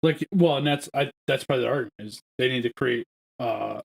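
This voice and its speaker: A man's voice: medium pitch, brisk, gravelly. A man on a podcast, chiming in with short remarks that back up his co-host's argument. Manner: short interjections backing up the point. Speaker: podcast co-host. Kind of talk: casual podcast chat.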